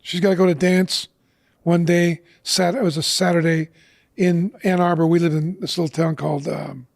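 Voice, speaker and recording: A man's voice: on the high side, little pitch movement, normal speed, gravelly, darkish tone. A middle-aged man telling a personal story as a guest on an interview show, earnestly acting out the lines of the people in it.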